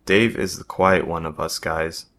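A man narrating a first-person story in a measured, even reading. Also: low voice.

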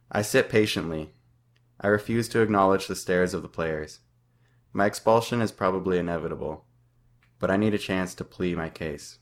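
A man in his twenties from Ontario, Canada, reading his own first-person story aloud with plain, steady delivery and small slips. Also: low voice. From southern Ontario, Canada. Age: 20s.

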